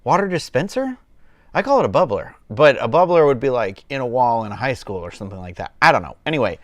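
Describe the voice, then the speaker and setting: A fast-talking man with a loose Southern US accent hosts a casual livestream from home, sipping a cocktail on camera. His medium-pitched voice swings widely as he rambles along, full of fillers and restarts, and there's no room sound at all.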